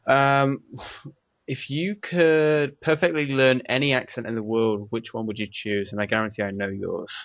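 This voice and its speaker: A man's voice: medium pitch, steady tone, normal speed, a bit bright, no room sound. A man with an English accent hosting a casual podcast chat, rambling and laughing often. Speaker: podcast host. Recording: dry, dull lo-fi mic.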